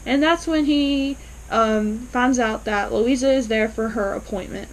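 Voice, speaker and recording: A woman casually recapping and reacting to a TV episode, animated and quick to act out the characters' lines. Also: fairly high pitch, slight background noise, poor audio. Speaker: TV episode reviewer.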